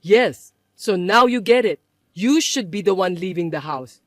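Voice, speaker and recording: A level-headed grown son, as a woman puts him on in a story drama. He talks low, soft and patient, steady against the shouting around him, in a dry close recording. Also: measured pace, dry recording, lightly acted. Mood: firm. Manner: calm, patient, lower and softer.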